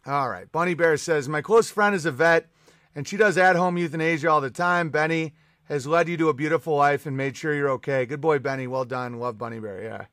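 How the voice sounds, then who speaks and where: A man's voice: fairly high pitch, a little fast, a bit bright, no echo, studio quality. A man hosting a live stream, reading out chat messages and ranting in a profane, sarcastic and combative way.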